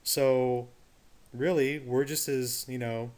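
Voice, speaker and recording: A man teaches a history lesson in a relaxed, conversational voice. He keeps putting rhetorical questions to his students and drops casual asides as he explains. His voice sits at an ordinary middle pitch. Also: slow. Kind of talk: recorded history lecture.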